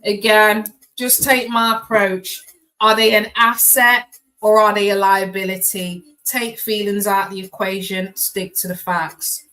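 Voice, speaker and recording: A woman's voice: medium pitch, flat delivery, measured pace, sharp tone, rough recording. A woman hosting a live tarot stream, chatting casually with viewers by name in slangy, loose talk.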